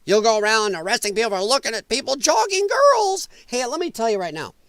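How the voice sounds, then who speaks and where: A man's voice: very high-pitched, very animated, brisk, a bit bright, no echo, clean studio sound. A middle-aged American man from the Midwest hosting a political commentary stream, ranting with profanity and sarcasm. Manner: profane, sarcastic, mocking mimicry of others.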